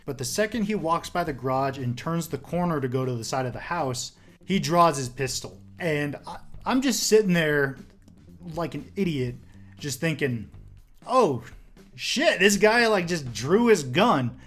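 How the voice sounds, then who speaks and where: A man's voice: on the high side, expressive, normal speed, faint music behind. Rambling young man telling a story. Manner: rambling, filler-heavy, swears. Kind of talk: casual storytelling.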